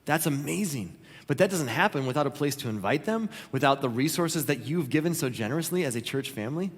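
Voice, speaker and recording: A pastor preaching a sermon, earnest and conversational, acting out quoted prayers along the way. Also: male voice, a little high, lively intonation, brisk. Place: church auditorium. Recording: long reverb of a church hall.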